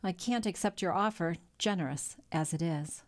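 In a storybook reading, a woman voices a kindly older male shipowner who has been ruined, speaking gently and with melancholy. Her natural voice is fairly low, at a moderate pace, and the mood is sad.

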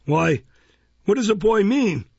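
A man's voice: a little high, unhurried, gravelly, breathy edge, no room sound, pitched above the performer's own voice, full character voice. Mr Bumble, a pompous blustering beadle, voiced by a man. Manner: blustering, loud and imperious. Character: pompous bullying male parish beadle, middle-aged. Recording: dull, dry lo-fi recording.

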